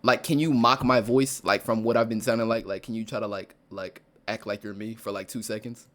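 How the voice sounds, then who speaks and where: A man with a lisp chatting casually as a YouTuber, mumbling and trailing off softly with lots of fillers. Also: fairly low pitch, steady tone, brisk. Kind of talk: casual chat.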